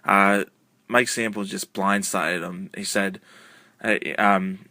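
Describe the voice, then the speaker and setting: A man with a lowish, bright, forward voice talks through a wrestling broadcast as a casual review, stringing events together loosely and padding them with fillers. The sound is dry and close, with no room around it. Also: steady tone, slow, no room sound. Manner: rambling, filler-heavy retelling with many uh and um.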